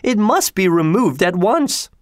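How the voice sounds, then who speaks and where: Storybook mother, shrill and fussy, high exclaiming lines, played by a man. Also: wildly swooping pitch, moderate pace, no room sound, studio quality. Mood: alarmed.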